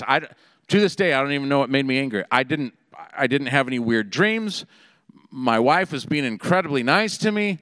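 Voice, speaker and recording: A middle-aged man preaching a sermon, telling a personal story in an animated, conversational way. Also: on the high side, clear, resonant tone, no room sound, big-room sound. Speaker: pastor. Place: Seattle area.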